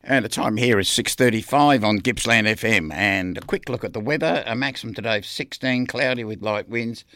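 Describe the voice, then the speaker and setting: A man's voice: on the low side, brisk, a bit bright, soft background music. A man presenting the weather and chatting casually on community radio from a studio microphone. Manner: chatty, self-deprecating. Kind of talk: casual breakfast radio patter.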